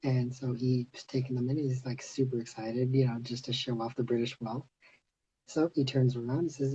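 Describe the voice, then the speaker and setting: A man hosting a casual livestream chat, telling a story in an animated way with lots of "like" and "you know". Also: mid-range voice, normal speed, lo-fi sound, a little hiss or hum. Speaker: host of livestream. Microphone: phone on a live video stream.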